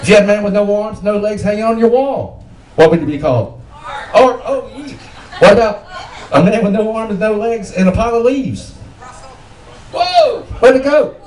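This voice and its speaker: A man's voice: high-pitched, a little fast, darkish tone, a little hiss or hum. A man telling dirty jokes to a small group, laughing at them himself and quizzing his listeners. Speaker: joke teller. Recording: roomy, far from the mic, faint ambience.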